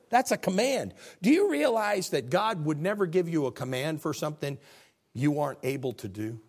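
Older preacher with big swings in pitch. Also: male voice, lively intonation, normal speed. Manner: swings between loud high peaks and quiet low drops; stumbling restarts, asks the congregation questions. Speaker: pastor. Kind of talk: sermon.

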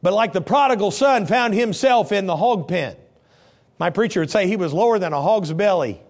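Animated, high-voiced middle-aged preacher. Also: male voice, moderate pace. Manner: animated storytelling, acting out scenes in voices. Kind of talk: sermon.

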